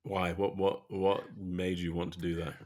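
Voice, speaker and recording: A man's voice: low voice, flat delivery, moderate pace, darkish tone. A man co-hosting a podcast in casual chat, laid-back with short replies. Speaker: podcast co-host.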